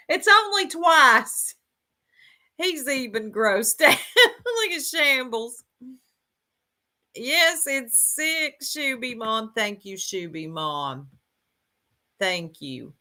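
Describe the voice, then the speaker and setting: A woman's voice: on the high side, big pitch swings, extremely slow, pauses often, pushed and bright. A woman giving casual reaction commentary, blunt and sarcastic, laughing often and talking straight to her chat.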